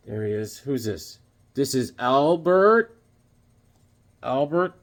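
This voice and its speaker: A comic book collector hosts a casual review on his channel, speaking slowly and animatedly in a mid-range voice with long pauses. He rambles and jokes, full of corny puns and asides.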